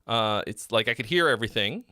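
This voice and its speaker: Guy giving blunt song feedback, keeps clearing his throat, crisp dry sound. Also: medium pitch, animated, brisk, pushed and bright, no echo. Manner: blunt, frequent fillers and throat clearing, swears. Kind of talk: casual live critique.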